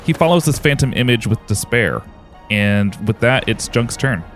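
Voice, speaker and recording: A man's voice: mid-range voice, expressive, moderate pace, a bit bright, faint music behind. A man narrating a tabletop game as game master, describing the combat in dramatic detail.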